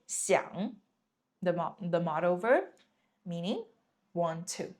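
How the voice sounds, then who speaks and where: A woman's voice: fairly low pitch, lively intonation, slow pace, pauses often, a little mellow. A woman teaching a lesson in English, patiently repeating words and checking in with "right?". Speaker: Chinese teacher. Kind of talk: language lesson explaining vocabulary.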